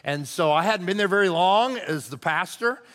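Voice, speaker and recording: Middle-aged pastor telling stories in a reverberant hall. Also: male voice, high voice, normal speed. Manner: conversational, animated storytelling that turns hushed and earnest. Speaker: lead pastor. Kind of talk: storytelling sermon.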